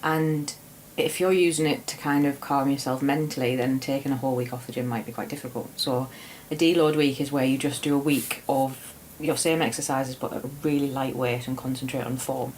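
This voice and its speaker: Low-pitched woman, trainer co-host, casual and lively, faint noise behind. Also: a little fast, hardly any pauses, low-quality recording. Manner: lively, laughs often, explains training plainly. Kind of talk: casual chat.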